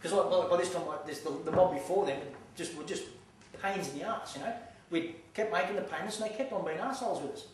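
A man's voice: high voice, quick pace, a crowd in the background. An Australian man giving a blunt, profane lecture to a live audience, telling stories from his own life. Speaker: seminar speaker. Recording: echoey hall from far off, faint noise.

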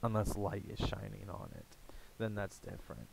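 A young American man chatting casually in a rambling, halting way, full of fillers and restarts. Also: on the low side, big pitch swings, gravelly, heavy background noise. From United States. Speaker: gaming YouTuber. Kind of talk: casual rambling vlog chat.

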